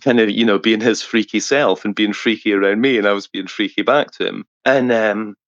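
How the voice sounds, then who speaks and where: Over a headset, a man with a lowish voice speaks a little fast, the recording dry and dull. As an interview guest he spins animated gaming stories, laughing and cursing frequently.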